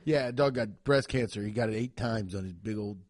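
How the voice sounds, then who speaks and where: A man co-hosting a casual comedy chat, riffing and swearing, with sudden loud bursts. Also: fairly low pitch, fairly quick, dry recording, clean studio sound. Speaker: podcast co-host.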